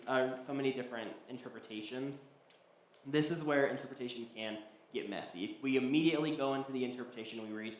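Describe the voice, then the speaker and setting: A man teaching a Bible study class, talking loosely with many ums and restarts. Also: mid-range voice. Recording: echoey hall, faint background noise.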